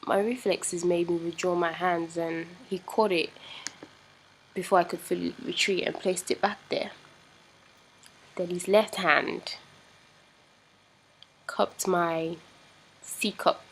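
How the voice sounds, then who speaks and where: A woman putting on a British accent to tell a racy romance story in a dramatic, hushed way. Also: on the low side, fairly even intonation, slow pace, long pauses, slight background noise, poor audio. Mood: sultry. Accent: put-on British.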